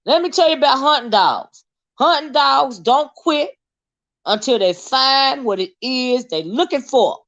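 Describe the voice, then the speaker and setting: A woman's voice: sits high, a little slow. A woman chatting casually and teasingly with viewers on a livestream. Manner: animated, teasing, Southern-style banter. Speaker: livestream host. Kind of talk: casual live chat with viewers. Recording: slightly dull lo-fi stream audio.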